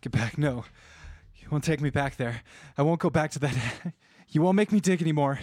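A worn-out woman worker who has fled a desert camp, bitter and cursing as she talks, put on by a man. The pitch sits somewhat above a man's usual range. She sounds defensive and frightened. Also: moderate pace, darkish tone, no room sound, lightly acted. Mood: panicked. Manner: curses angrily, breathless and defensive.

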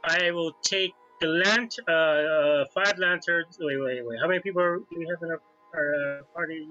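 Bright-voiced man playing a tabletop game. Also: on the high side, normal speed, dull audio, faint music behind. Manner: hesitant, restarts often while deciding. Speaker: player. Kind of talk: casual tabletop game chat.

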